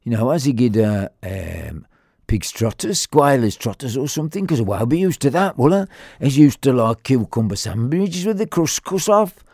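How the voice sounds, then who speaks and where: Man, Black Country accent, storyteller, rambling and chatty, bouncy lively pitch, dry close sound. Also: moderate pace, no room sound. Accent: Black Country English. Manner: rambling, chatty, with lots of fillers and quoted voices. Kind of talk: humorous spoken storytelling.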